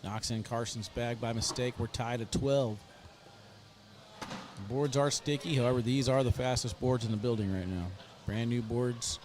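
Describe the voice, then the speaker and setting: A man's voice: mid-range voice, fairly even intonation, moderate pace, crowd noise. A man giving live play-by-play commentary on a cornhole match, chatty and joking between plays. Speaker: sports commentator.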